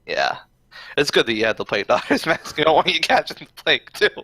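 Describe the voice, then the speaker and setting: A man playing a tabletop game in casual chat, relaxed and stop-start as he plans. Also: on the high side, fast talker, dry recording. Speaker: player.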